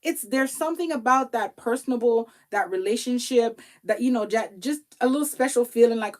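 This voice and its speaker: A woman tax professional giving casual motivational advice to viewers, animated and pleading, acting out little quoted exchanges. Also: sits high, fairly quick, few pauses. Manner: pleading, repeats herself for emphasis. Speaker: tax professional and business coach.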